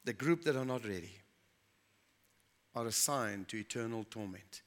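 A man's voice: mid-range voice, moderate pace. A man preaching a sermon in an earnest storytelling manner, repeating points for emphasis.

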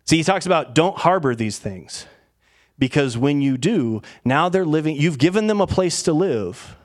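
A man, a pastor, preaching a sermon in an animated way, acting out everyday voices to make his points. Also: mid-range voice.

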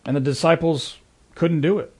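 A man's voice: on the high side, fairly even intonation, moderate pace, darkish tone, slightly rough. A man preaching a sermon in an earnest, conversational way, leaning into key lines with sudden emphasis. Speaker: pastor.

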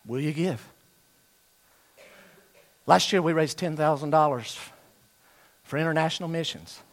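A man's voice: a little high, a little slow. A middle-aged man preaching a sermon, telling a story and acting out the voices of students and their coach. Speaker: pastor.

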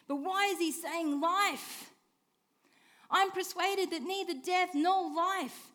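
A woman preaching a sermon, asking rhetorical questions and swinging between hushed and emphatic lines. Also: sits high. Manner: expressive, swings from soft hush to emphatic declaring; slow, deliberate delivery with rhetorical questions.

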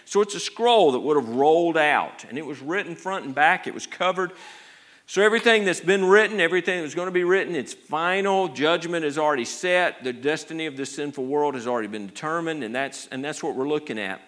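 A man's voice: on the high side, brisk, a bit bright. A man preaching a sermon with an earnest delivery, often repeating and restarting his words.

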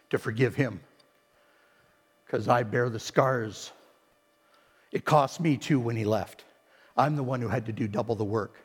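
A man's voice: medium pitch, breathy edge, pitched below the performer's own voice. A man preaching in a hall, voicing a resentful older brother who sulks about his hurt. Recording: long hall reverb.

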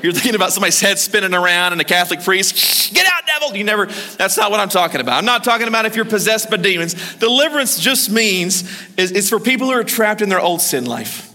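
A man preaching a sermon as pastor, energetic and urging the congregation to answer back. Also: high-pitched, fast talker. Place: large church hall. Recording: reverberant church hall.

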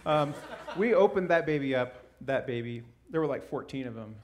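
A male pastor from Alaska delivering a sermon, telling a lively personal anecdote and chuckling as he goes. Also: mid-range voice, normal speed. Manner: animated storyteller, chuckling through his own anecdote. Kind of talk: sermon with a humorous personal story.

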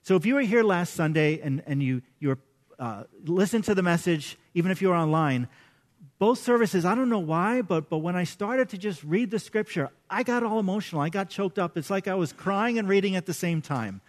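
A middle-aged male pastor preaching to his congregation, animated and interactive, quizzing the audience. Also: sits high, a little fast. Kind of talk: sermon. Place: church service.

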